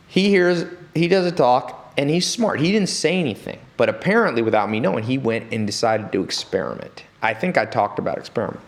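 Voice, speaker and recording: Man, interview guest, animated storytelling, mid-range pitch, acts out quoted people, studio. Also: fairly quick, few pauses.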